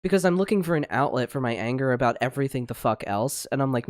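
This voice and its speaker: This is a podcast co-host on a livestream, launching into an angry, profane rant. The pitch sits mid-range, and the sound is dry and close. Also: animated, fast, few pauses, no room sound. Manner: angry, swearing, blunt ranting. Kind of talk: heated casual discussion.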